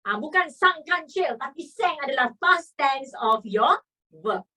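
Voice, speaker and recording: Lively high Malaysian woman teacher. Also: normal speed, far from the mic, rough recording. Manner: chatty, coaxing, stretches key words. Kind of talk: grammar lesson mixing English and Malay.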